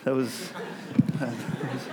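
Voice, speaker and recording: A man's voice: medium pitch, level tone, slow, background noise. Chatty joking male pastor. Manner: chatty, joking, self-interrupting. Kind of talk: casual sermon to a congregation.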